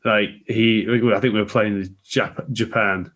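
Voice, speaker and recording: A man co-hosting a casual podcast, telling stories with lively, loud acted-out quotes. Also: on the low side, measured pace, highs cut off. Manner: lively storyteller, acts out quotes loudly. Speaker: podcast co-host.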